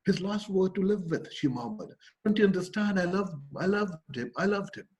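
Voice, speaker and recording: A man's voice: high voice, expressive, a little mellow, pitched above the performer's own voice. A man reading aloud the lines of a grieving young woman who mourns her dead fiancé. She pleads and falters, repeating her words. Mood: mournful pleading. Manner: pleading, halting repetitions. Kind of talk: reading a novel passage aloud.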